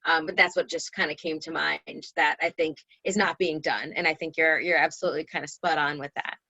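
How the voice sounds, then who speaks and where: A woman's voice: low voice, fairly even intonation, a little fast, pushed and bright, dry recording. A woman, a guest on a panel discussion, speaking hesitantly and hedging with "kind of.". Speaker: podcast guest.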